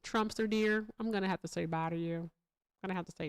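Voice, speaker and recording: A woman hosting a political commentary stream, animated and sarcastic, talking straight to her viewers. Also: fairly low pitch, brisk, clean tone, no echo. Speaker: host.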